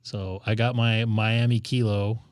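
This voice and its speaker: A man's voice: lowish voice, flat delivery, unhurried, clear, resonant tone, dry recording. Man, ham radio stream host, jokey and rambling, dry close sound. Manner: joking, rambling, thinks aloud while browsing. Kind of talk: casual live-stream chat.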